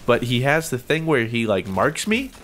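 A young man giving jokey, excitable commentary over his own gameplay as a gaming YouTuber. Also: medium pitch, moderate pace. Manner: excitable, jokey, prone to yelps and laughs.

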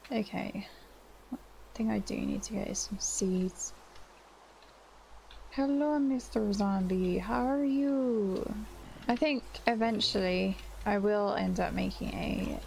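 A woman's voice: medium pitch, creaky, darkish tone, slight background noise. A young woman casually commenting on her own gameplay, chatty and self-mocking, greeting monsters in a sing-song voice. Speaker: gaming channel host.

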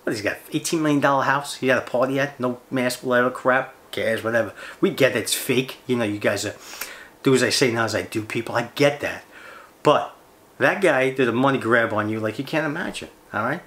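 A man's voice: mid-range voice, brisk, fairly bright tone. Blunt, sarcastic man ranting. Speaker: fishing channel host. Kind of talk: ranting vlog monologue.

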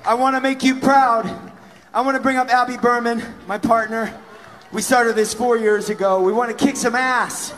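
Really high voiced guy gushing thanks, swears a bit, echoey hall, some crowd. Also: fairly even intonation, normal speed, a bit bright, slight background noise. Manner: effusive, emotional, swears casually. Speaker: event organizer giving thanks speech. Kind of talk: emotional thank-you speech. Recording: long hall reverb, faint crowd.

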